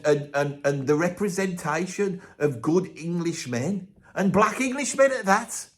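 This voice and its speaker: A man performs a comic monologue as a cocky, opinionated Birmingham bloke in his sixties, ranting straight to camera in a thick Birmingham accent. Blustering and boastful, he swears constantly and stumbles and restarts mid-sentence. His voice is slightly higher than most men's.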